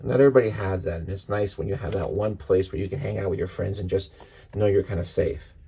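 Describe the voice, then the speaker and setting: A man talks through comic storylines in a loose, rambling way, acting out the characters' lines in quotes. His voice is dark and mellow with a husky edge. It sounds like casual podcast chat. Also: low-pitched, steady tone, fast talker. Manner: rambling, retells scenes with quoted dialogue, frequent fillers. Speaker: podcast host reviewing comics. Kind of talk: casual spoken review.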